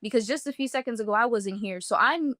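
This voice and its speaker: A woman with a slightly high, bright and forceful voice tells a personal story in the first person. She speaks earnestly and casually, leaning on "like" as she paints each scene. The sound is dry and close, with no room around it. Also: fast talker, dry recording. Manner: earnest, vivid, many "like" fillers. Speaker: guest telling a personal testimony.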